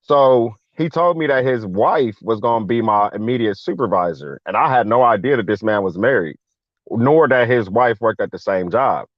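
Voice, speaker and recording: A man's voice: on the low side, moderate pace, no room sound. Man telling a story, lo-fi and dry. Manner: animated, slangy, acts out quoted voices. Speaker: guest veteran. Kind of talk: casual storytelling chat. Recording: dull lo-fi dry sound.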